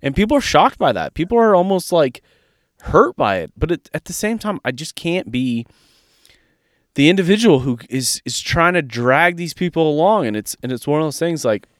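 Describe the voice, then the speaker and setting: Male podcast co-host, slightly high voice, dry close mic, fired-up and profane, casual chat. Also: very animated, moderate pace, dry recording. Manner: emphatic, profane, fired-up ranting.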